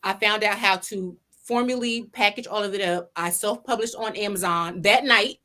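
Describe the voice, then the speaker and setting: An animated woman recounts her own journey as a podcast guest, her voice sitting at an ordinary middle pitch. She talks from her home office over a video call, easy and conversational. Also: moderate pace. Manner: animated, plays her own past lines in quotes. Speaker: podcast guest, pageant winner and salon owner. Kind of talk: casual interview storytelling.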